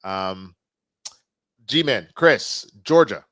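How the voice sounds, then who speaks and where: A man's voice: lowish voice, lively intonation, drawn-out words, a bit bright, dry recording. A man hosting a live online show, chatting loosely and reading viewer comments. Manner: loose, chatty, trails off and restarts. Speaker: show host. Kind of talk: casual live-stream chat.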